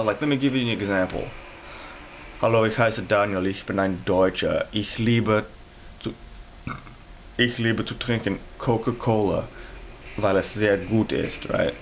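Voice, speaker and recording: A man with a lowish voice explains things in a casual, rambling way, breaking off and restarting his sentences. The recording is dull and lo-fi, with a faint hiss underneath. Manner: rambling, self-correcting, explanatory. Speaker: language vlogger. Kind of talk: casual talk to camera.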